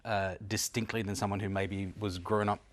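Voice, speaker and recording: A man from Adelaide with an Australian accent, a radio guest who tells relaxed anecdotes and laughs off teasing. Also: on the low side, moderate pace. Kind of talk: casual radio chat.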